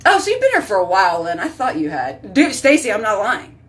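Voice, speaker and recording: Recorded from a distance, a woman hosts a casual live stream, reading chat and addressing viewers by name. Her medium-pitched voice swoops wildly and moves briskly as she rambles from one topic to another.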